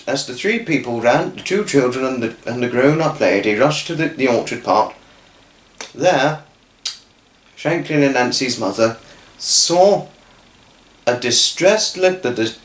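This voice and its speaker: A man telling a children's story off the cuff, halting and restarting his words. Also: medium pitch, reverberant. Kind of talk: improvised storytelling.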